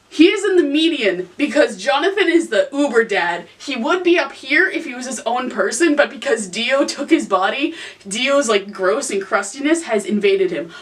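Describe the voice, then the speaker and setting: A woman's voice: on the high side, fairly bright tone, slight background noise. A young woman ranking characters in a casual, exasperated rant, swearing freely. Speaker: host. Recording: voice from some distance to the mic.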